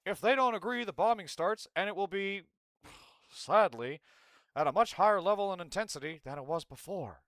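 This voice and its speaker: A man doing a Hank Hill impression that drifts toward an Obama voice, reading a statement slowly and haltingly. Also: high-pitched, fairly bright tone, no room sound, studio quality, voice pushed up. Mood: mock solemn.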